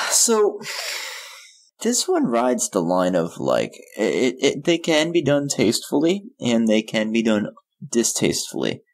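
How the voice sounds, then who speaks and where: A man's voice: mid-range voice, wildly swooping pitch, slow. A man co-hosting a casual podcast, making dry, joking remarks and laughing. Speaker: podcast co-host. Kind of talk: casual chat.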